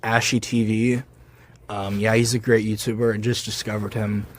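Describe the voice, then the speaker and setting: A man reading fan fiction aloud for laughs, with sarcastic, deadpan asides, recorded close to a microphone at home. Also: fairly low pitch, normal speed. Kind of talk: comedic reading with reaction commentary.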